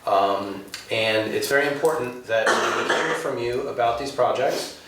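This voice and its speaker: Halting man in an echoey hall. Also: mid-range voice, fairly bright tone, a little hiss or hum. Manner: halting, many ums and uhs. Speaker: village board official. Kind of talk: public meeting announcements. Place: village hall meeting room. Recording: echoey room, distant mic.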